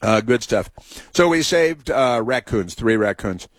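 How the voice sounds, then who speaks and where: A man's voice: medium pitch, lively intonation, a little slow, no room sound. A man hosting a talk show, telling a meandering story full of restarts and asides, then moving on to political commentary.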